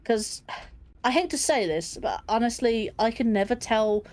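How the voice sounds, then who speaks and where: A woman's voice: fairly high pitch, animated, normal speed, a little mellow. Chatty English woman with a London lilt. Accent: London English mixed with standard Southern English. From England. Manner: rambling, thinking aloud, chatty. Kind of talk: casual chat over gameplay.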